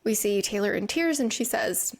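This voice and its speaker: Female podcast host, mid-pitched with vocal fry, earnest and reflective storyteller. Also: expressive, normal speed. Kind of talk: scripted recap narration. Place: lives in England.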